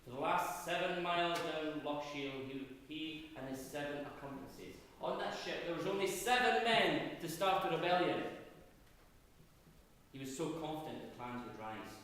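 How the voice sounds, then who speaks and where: A Scottish man giving a dramatic history lecture, swinging from loud emphatic bursts to low hushed asides, recorded in a university auditorium. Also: normal speed. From Scotland. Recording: echoey hall, voice far from mic.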